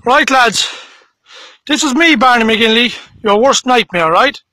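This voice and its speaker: Man taunting a rival outdoors, very high bright voice, dry close sound. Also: lively intonation, measured pace, no echo, low-quality recording. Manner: mocking, repetitive taunts. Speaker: bare-knuckle fight challenger. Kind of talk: taunting challenge video. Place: outdoors in a bog.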